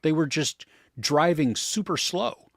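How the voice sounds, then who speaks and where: A man hosts a casual movie podcast, greeting listeners by name and laughing often. His pitch moves a lot as he talks. The sound is dry and close. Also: lively intonation, slow pace, creaky, a bit bright, no room sound. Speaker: podcast host. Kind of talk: casual chat.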